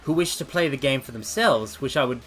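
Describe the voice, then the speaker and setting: A man streaming casual chat, theatrical and animated, calling his viewers mortals, a little out of breath. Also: medium pitch, brisk. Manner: animated, swings between loud outbursts and mock apologies. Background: faint background music.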